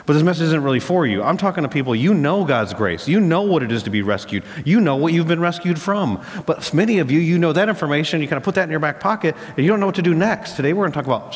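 Married pastor preaching in a hall. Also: male voice, a little high. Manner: storytelling, emphatic repetition. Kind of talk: sermon.

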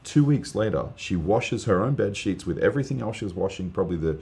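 A man, a guest preacher, telling an earnest, animated testimony story in casual podcast chat, with lots of fillers. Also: on the low side, quick pace, creaky.

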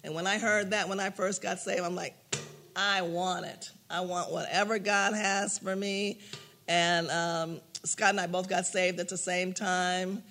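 An older man leads a prayer class informally, telling personal stories, acting out what people said, and laughing often as an animated storyteller. His voice is high and unhurried, with slight background noise.

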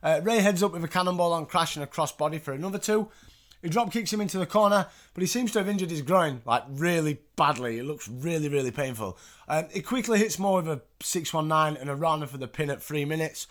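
A man hosts in a loose, chatty way, recapping matches with asides and the odd swear. His voice sits a touch high for a man. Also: fast, a bit bright. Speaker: podcast host. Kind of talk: casual recap commentary.

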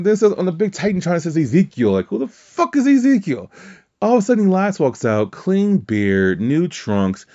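A man's voice: high-pitched, huge pitch swings, moderate pace, mellow, lo-fi sound. A man hosting a podcast, recapping wrestling in casual, rambling chat full of swearing and fillers. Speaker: podcast host.

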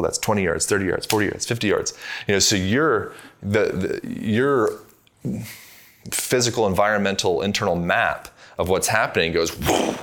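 A man's voice: on the low side, fairly bright tone. A man speaking as a podcast guest, explaining things in a loose, rambling way with lots of fillers. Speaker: podcast guest, movement coach. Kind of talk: conversational interview.

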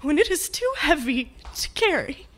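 A woman's voice: high-pitched, big pitch swings, moderate pace, very noisy. A woman performing a spoken word poem with an impassioned, rhythmic delivery.

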